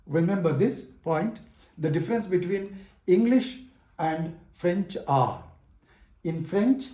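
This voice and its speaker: A man with a fairly high, mellow voice teaches French pronunciation at a very unhurried pace. He models each word with deliberate care, and the voice rings in an echoey room. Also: animated. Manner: slow, deliberate, repeats model words. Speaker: language teacher.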